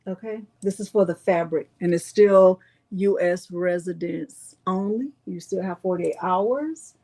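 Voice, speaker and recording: A woman's voice: lowish voice, unhurried. A middle-aged woman, hosting a live crafting tutorial in a chatty way and addressing viewers as y'all. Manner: chatty, warm toward viewers, says "y'all".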